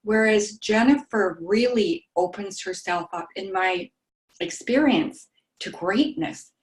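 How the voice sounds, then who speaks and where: A woman sharing in a study group, soft-spoken and halting, with frequent pauses and ums. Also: medium pitch. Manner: describes herself as meek and mild.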